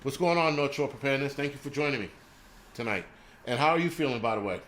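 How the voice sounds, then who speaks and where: A man's voice: mid-range voice, quick pace, fairly bright tone, slight background noise. A man hosting a livestream, ranting crudely and rambling while he answers viewers' chat. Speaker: livestream host.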